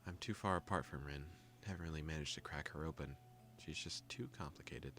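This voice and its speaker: Very deep-voiced young man reading. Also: a little fast, a little hiss or hum. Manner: calm steady reading, joking asides. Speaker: gaming video host. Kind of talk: reading a visual novel aloud with casual asides.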